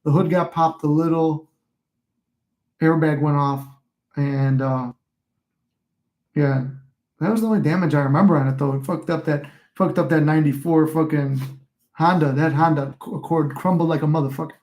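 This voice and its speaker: A man's voice: fairly high pitch, steady tone, normal speed, long pauses, a little mellow. A young man in his twenties telling rambling, profane stories in a casual livestream chat, reading viewer comments aloud. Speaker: livestream host.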